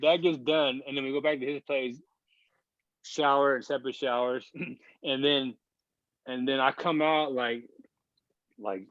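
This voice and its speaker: A man's voice: medium pitch, no echo. Podcast guest, thirties male, loose rambling anecdote delivery with swearing, dull dry recording. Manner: rambling, heavy filler words, profane. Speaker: podcast guest, basketball player. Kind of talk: casual storytelling.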